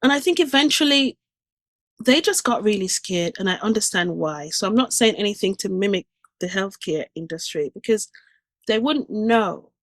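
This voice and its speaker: A woman's voice: medium pitch, animated, normal speed, no room sound. A woman giving an earnest, emotional personal testimony about a near-death experience, recounting it vividly and restarting her sentences as feelings rise. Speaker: guest speaker sharing a near-death experience.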